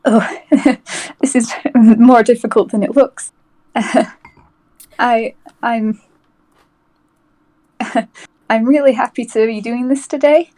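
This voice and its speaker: Hesitant woman with a high voice. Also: steady tone, dark tone, low-quality recording. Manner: hesitant, halting, nervous laughs. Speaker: player. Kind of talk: casual tabletop play.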